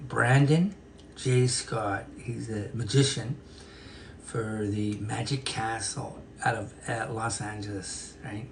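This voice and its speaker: Gravelly man rambling from afar. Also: on the low side, a little mellow. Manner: rambling, many fillers and restarts. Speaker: flute player and actor. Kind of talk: casual storytelling to camera. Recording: distant mic with noisy ambience.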